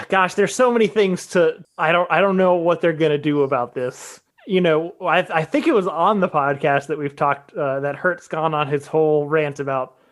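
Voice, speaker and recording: A man's voice: on the high side, normal speed, hardly any pauses. A man co-hosting a podcast, thinking aloud casually with hedges and restarts. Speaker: podcast co-host. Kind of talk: casual chat.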